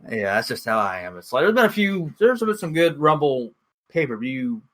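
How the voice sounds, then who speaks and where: A young man co-hosting a podcast, chatting casually in an excitable, rambling way, full of fillers. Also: mid-range voice, moderate pace. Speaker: podcast co-host. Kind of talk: casual chat.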